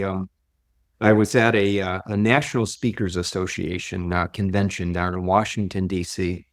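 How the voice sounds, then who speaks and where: A man who works as a leadership coach, speaking as a podcast guest. He tells stories in an animated way and often repeats and restarts his words. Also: fairly low pitch. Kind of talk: conversational interview storytelling.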